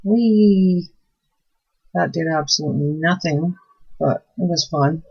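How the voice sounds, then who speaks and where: A woman's voice: deep voice, steady tone, moderate pace, creaky, slightly rough. A woman chatting casually while making soap, telling stories and easily delighted. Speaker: soap maker and channel host. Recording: dull, muffled recording.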